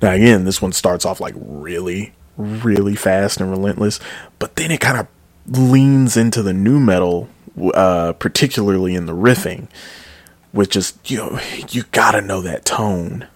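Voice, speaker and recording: A man with a deep, low voice talks through a music review in a loose, rambling way, full of fillers and self-corrections. He sounds enthusiastic about the music. The sound is dry and close, with no room echo. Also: normal speed. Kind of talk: casual album review.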